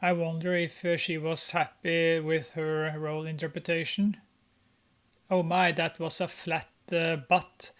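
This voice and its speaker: A man's voice: a little high, flat delivery, measured pace, a bit bright. A man giving casual, mocking commentary on a film, with sarcastic remarks and many "uh" fillers. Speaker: movie reviewer.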